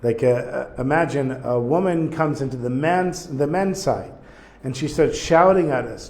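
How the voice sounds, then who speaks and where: A man's voice: medium pitch, moderate pace, darkish tone. Man explaining a Hebrew text, thinking aloud. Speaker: Torah teacher. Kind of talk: casual text study lesson.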